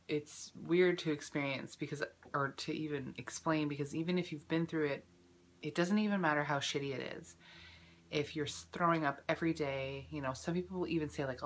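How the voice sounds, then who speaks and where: A young woman in her twenties vlogging casually, chatty and full of fillers, emotional at times, clearing her throat from a lingering cough. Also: deep voice, a bit bright. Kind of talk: casual personal vlog.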